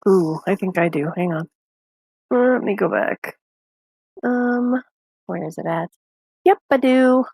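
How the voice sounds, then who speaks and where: A woman's voice: medium pitch, animated, a little slow, gravelly, pauses often, a little mellow, no room sound. A woman chatting casually as a player in a tabletop game.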